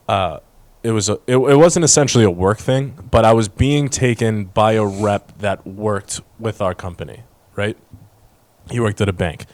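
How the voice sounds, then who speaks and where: A man co-hosting a podcast, telling stories in a slangy, animated way and acting out quotes. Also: on the low side, dry recording. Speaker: podcast co-host. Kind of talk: casual chat, storytelling.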